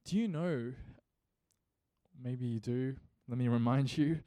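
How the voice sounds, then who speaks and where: Slow and smooth, a mid-range male voice preaches with mellow warmth in a close, dry recording free of echo. Earnest like a pastor, he stacks his points into emphatic rhetorical questions.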